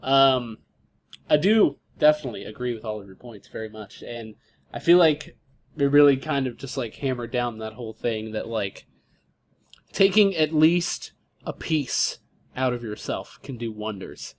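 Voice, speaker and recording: A man's voice: medium pitch, lively intonation, moderate pace. A man from Florida co-hosting a casual podcast, speaking in a laid-back, giggly way with many filler words. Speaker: podcast co-host. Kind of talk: casual chat.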